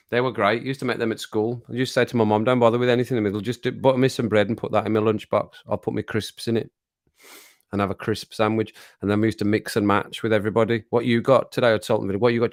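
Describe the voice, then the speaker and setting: A man's voice: fairly low pitch, no room sound, studio quality. A man hosting a livestream, chatting casually, reading the chat aloud and laughing often. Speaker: livestream host.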